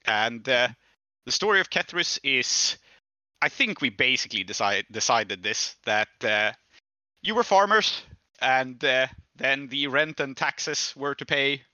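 A man setting up a tabletop role-playing game as game master on a podcast, talking haltingly with many fillers. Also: medium pitch, expressive, pushed and bright, dry recording.

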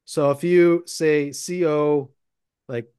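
A man's voice: fairly high pitch, fairly even intonation, takes it slowly, a little mellow, clean tone, no echo, clean studio sound. A man from Minnesota in casual podcast chat, patiently explaining things step by step. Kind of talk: casual movie-discussion chat.

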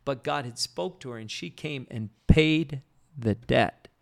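A man telling a faith testimony in an earnest, steady storytelling way. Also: medium pitch, unhurried, gravelly.

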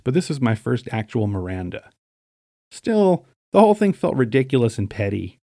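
A middle-aged man from Staten Island, New York, narrating his memoir in a dry, wry, deadpan way. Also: fairly low pitch, vocal fry, dry recording.

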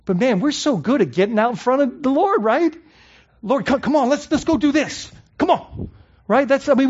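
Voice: mid-range voice, a little mellow, slightly rough, lo-fi sound. A pastor preaching a sermon in a conversational way, asking the congregation rhetorical questions and often adding "I mean" and "right?".

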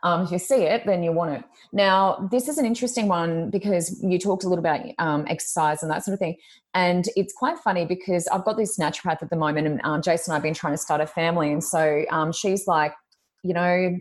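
A woman's voice: fairly low pitch, fast talker. A woman, co-hosting a podcast in casual chat, telling stories and acting out the voices of people she quotes. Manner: chatty storytelling, acts out quoted voices. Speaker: podcast co-host.

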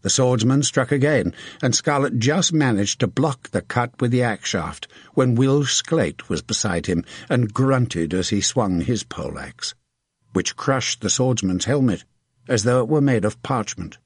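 A man narrating a battle scene from an audiobook with steady, vivid storytelling. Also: mid-range voice, a little slow, slightly rough, no room sound, studio quality. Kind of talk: scripted narration.

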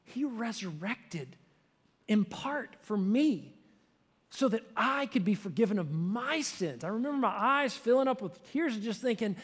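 A middle-aged man preaching a sermon as a pastor, leading an altar call and prayer, impassioned and swelling to loud peaks before dropping soft. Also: high voice, expressive, unhurried, breathy edge. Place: large church sanctuary. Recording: long hall reverb.

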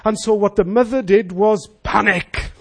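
A man's voice: high voice, normal speed. A middle-aged Welsh man preaching a sermon, telling stories and acting out the voices of the people in them. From Wales. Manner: animated storyteller acting out voices. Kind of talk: sermon with storytelling.

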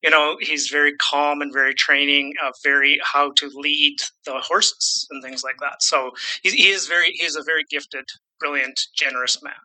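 Bright-voiced Canadian man in his fifties. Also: fairly high pitch, fairly even intonation, normal speed, hardly any pauses, low-quality recording. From Saskatchewan, Canada. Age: 50s. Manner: rambling, self-deprecating, often repeats words. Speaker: real estate investor, guest. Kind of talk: casual interview conversation.

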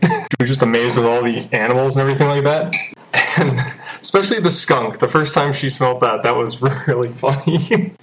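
A man's voice: mid-range voice, steady tone, fast. Young guy, laid-back and chatty, keeps laughing, a bit muffled recording. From Canada. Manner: chatty, laughs often, acts out quotes. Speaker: interview guest. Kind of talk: casual interview chat. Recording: dull lo-fi recording.

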